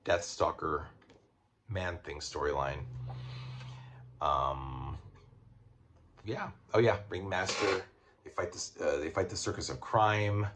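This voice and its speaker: Tired man with a gravelly low voice. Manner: laid-back, rambling, crude joking. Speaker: comic book reviewer. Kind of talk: casual video review.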